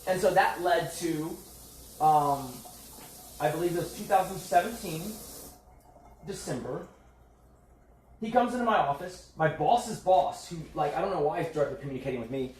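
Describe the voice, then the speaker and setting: A man's voice: a little high, normal speed, pauses often, a little mellow, reverberant, recorded from a distance, a little hiss or hum. Profane rambling man, off-mic. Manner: rambling, profane, quotes people in dialogue. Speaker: streamer telling a story. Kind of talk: casual storytelling chat.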